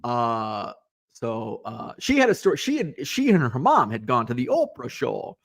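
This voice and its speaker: Lively, rambling man hosting a podcast. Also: mid-range voice, moderate pace. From Illinois. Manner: rambling, lots of fillers and asides. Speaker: podcast host. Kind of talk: casual live-show chat, reading viewer comments.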